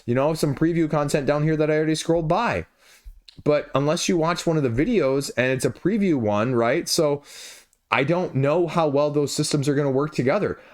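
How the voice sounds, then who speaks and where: A man reviewing board games, talking casually through a crowdfunding page and peppering it with rhetorical questions and asides. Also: a little high. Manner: conversational, full of rhetorical questions and "you know, right?" asides. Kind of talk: casual commentary while scrolling a crowdfunding page.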